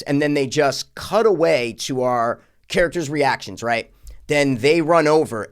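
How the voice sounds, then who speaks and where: Guy ranting about a bad movie on a podcast, swears a lot, mid pitch. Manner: profane, animated ranting with mocking impressions. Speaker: podcast co-host. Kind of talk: casual film review rant.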